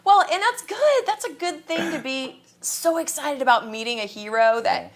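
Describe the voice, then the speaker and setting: Lively woman telling stories in an interview. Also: sits high, moderate pace, heavy background noise. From Kansas. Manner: animated, laughs often, acts out quotes. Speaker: guest. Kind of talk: casual interview storytelling.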